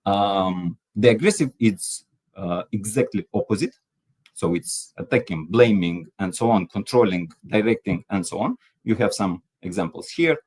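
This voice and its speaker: Husky low-voiced man giving a training talk. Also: animated, a little mellow. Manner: explanatory, pauses with fillers. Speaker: workshop speaker.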